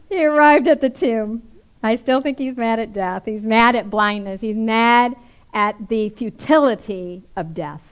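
A woman's voice: on the high side, normal speed, rough recording. A woman preacher giving a sermon, reading scripture aloud and then commenting on it in a chatty way, often ending with tag questions.

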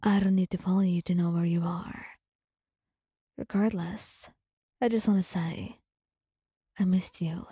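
A woman's voice: on the low side, fairly even intonation, a little slow, pauses often, warm tone, husky, no echo, clean studio sound. A woman voicing a possessive male ex-boyfriend in a whispered role-play, curt and cold.

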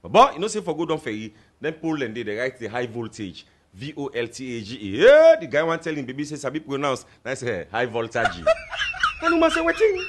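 Lively Sierra Leonean joke-telling man. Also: mid-range voice, brisk, slight background noise. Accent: Sierra Leonean Krio. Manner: lively storytelling in Krio-flavored English, acting out the people in each joke. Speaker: comedian.

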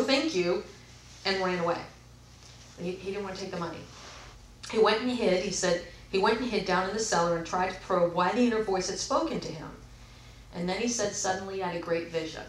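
A woman vlogger with a medium-pitched voice talks casually and reads aloud from books, rambling and frequently correcting herself. She's away from the mic in an echoey room.

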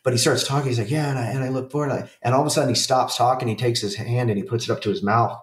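A man's voice: medium pitch, very fast, reverberant, far from the mic. A man in his forties telling a rambling, profane story in a casual podcast chat. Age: 40s. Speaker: podcast co-host.

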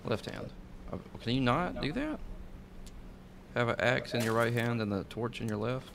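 A man's voice: medium pitch, normal speed, creaky. A man streaming a game, chatting casually with mild exclamations and easy surprise. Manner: relaxed, easily startled, mild exclamations. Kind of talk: casual gameplay chat. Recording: noisy stream audio.

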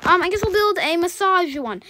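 A woman giving rapid, rambling, excitable commentary while playing a video game. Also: extremely high pitch, slight background noise. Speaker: gaming channel host. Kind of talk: gameplay commentary.

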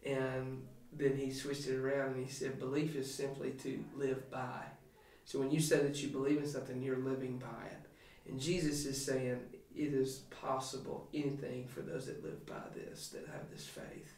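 A man, a pastor, talking through a scripture passage on a podcast in an emphatic, animated preaching way with frequent restarts. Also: medium pitch, moderate pace, roomy sound, far from the mic. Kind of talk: podcast sermon talk.

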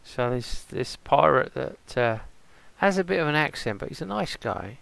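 A man's voice: mid-range voice, big pitch swings, moderate pace, creaky, fairly bright tone, dry recording, full character voice. A man playing an easygoing male pirate in a game role-play stream, rambling and musing aloud to himself. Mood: chatty.

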